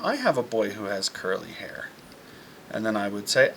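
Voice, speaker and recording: A man's voice: on the low side, very animated, fairly quick, gravelly, fairly bright tone, a little hiss or hum. Man recalling a childhood memory. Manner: rambling, fond storytelling with fillers. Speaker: eldest son sharing a memory. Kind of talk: heartfelt message to camera.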